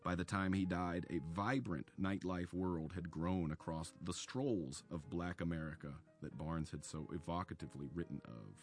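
Brief: man, very low voice, measured documentary narrator, soft music bed underneath. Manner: measured storytelling delivery. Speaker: author narrating a radio segment.

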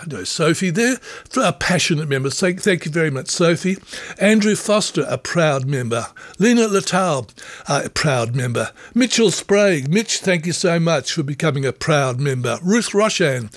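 A man's voice: fairly high pitch, no room sound. A man presenting community radio, gratefully reading out lists of listener memberships in an upbeat studio voice. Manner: upbeat, grateful, rattling through names. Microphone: studio microphone.

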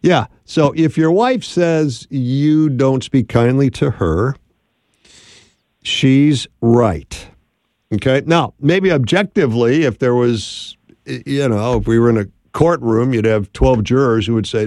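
A man's voice: medium pitch, slow, a little mellow, no echo, clean studio sound. A man hosting a call-in radio advice show, talking in an encouraging, conversational way.

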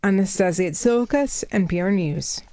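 A woman correspondent reading a scripted news report in an even, precise manner. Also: mid-range voice, moderate pace.

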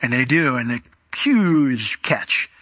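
A man's voice: medium pitch, lively intonation, slow pace, pushed and bright, no room sound. A man preaching a sermon in a conversational, storytelling way, briefly acting out the voices of Bible characters. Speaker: pastor.

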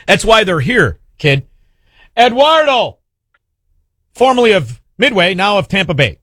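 High, animated sarcastic talk radio man. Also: takes it slowly, slightly rough, no echo, studio quality. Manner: sarcastic, mocking, hurls insults. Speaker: radio talk show host. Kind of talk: combative talk radio rant.

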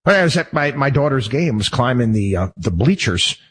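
Male host, husky, heated rambling monologue. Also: medium pitch, very animated, fairly quick, rough recording. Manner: heated, rambling, many restarts. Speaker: show host. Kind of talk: personal monologue.

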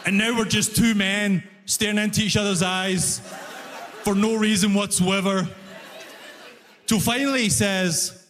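A man performing a stand-up comedy set, telling stories with animated delivery and shouted punchlines on a comedy club stage. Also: sits high, measured pace, long pauses, a faint crowd. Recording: reverberant live room, faint ambience.

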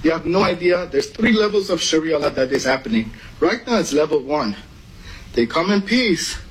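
A man's voice: a little high, animated, normal speed, breathy edge, low-quality recording. A man from Iran giving urgent, emotional public testimony at a podium microphone. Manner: urgent, emotional, rising to pleading. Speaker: public commenter at a meeting.

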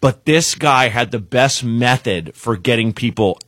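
A man's voice: medium pitch, animated, measured pace, a bit bright, no echo. A man who is a stand-up comedian, telling a comic story as a guest on a radio show and laughing through his own punchlines, recorded on a studio microphone.

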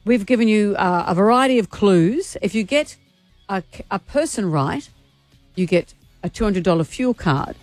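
A woman co-hosting a radio show, running a contest with bright, laughing, teasing banter. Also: medium pitch, expressive, moderate pace, no echo, soft background music. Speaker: radio co-host.

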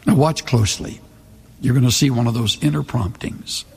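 A man preaching a sermon, reading scripture in a measured, dramatic way with slowed emphasis. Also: medium pitch, gravelly, a little mellow, breathy edge, big-room sound.

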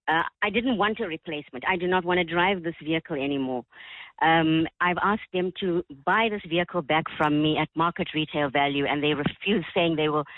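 A woman's voice: on the low side, no room sound. A woman calling in to a radio show, emotional and upset as she explains her complaint. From South Africa. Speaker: caller. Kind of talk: radio phone-in call. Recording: tinny phone line.

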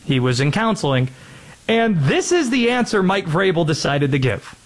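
A man co-hosting a sports talk show, laying out his argument in a measured, wry way. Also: sits high, sing-song. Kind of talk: sports debate.

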